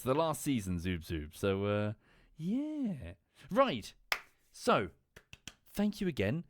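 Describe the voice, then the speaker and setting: Animated male streamer chatting casually. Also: medium pitch, no room sound, clean studio sound. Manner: rambling, lots of fillers and restarts. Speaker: livestreamer.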